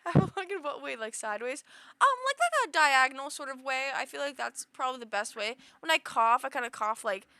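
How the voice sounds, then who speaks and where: Woman streamer, bright voice, loose rambling chatter with giggles. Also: high-pitched, expressive, brisk, smooth, no echo. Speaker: livestreamer. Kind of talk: casual chat with stream viewers.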